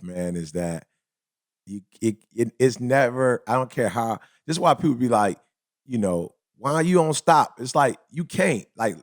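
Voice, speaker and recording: A man co-hosting a casual podcast chat, telling stories in a lively, slangy way and acting out other people's lines. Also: fairly low pitch, dry recording, clean studio sound. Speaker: podcast co-host.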